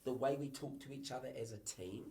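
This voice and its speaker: A man's voice: mid-range voice, fairly quick. Kiwi guy in his 50s, chatty storyteller, does little voices for people, roomy sound. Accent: New Zealand. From New Zealand. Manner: lively storyteller who acts out quotes in voices. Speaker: guest, TV presenter and communication coach. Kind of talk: casual podcast conversation.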